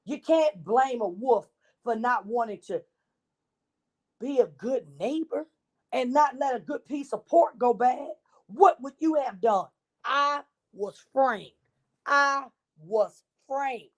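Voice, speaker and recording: Lady voicing a wolf guy pleading he's innocent, wheedling, kinda high voice. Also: slow pace. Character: self-pitying male wolf telling his side.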